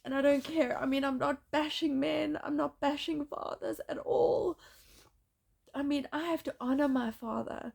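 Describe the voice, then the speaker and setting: Woman, gravelly and a bit high, distraught halting vlog monologue. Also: fairly even intonation, a little mellow. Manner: distressed, pleading, often halting. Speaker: mother in a custody dispute. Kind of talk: emotional personal monologue.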